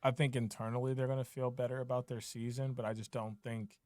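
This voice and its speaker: A young man co-hosting a sports podcast, chatting casually with quick, sarcastic asides. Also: mid-range voice, level tone, warm tone, no room sound, studio quality. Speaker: podcast co-host.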